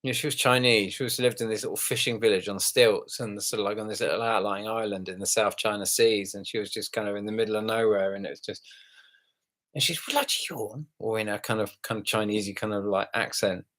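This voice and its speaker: A man hosting a casual live stream, rambling and halting with many fillers, yawning and relaxed after some red wine. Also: on the low side.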